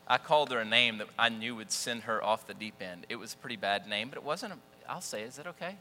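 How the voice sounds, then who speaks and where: A man preaching a sermon, telling personal stories in an animated, folksy, self-deprecating way. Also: medium pitch, quick pace. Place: church. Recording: echoey church hall with faint mains hum.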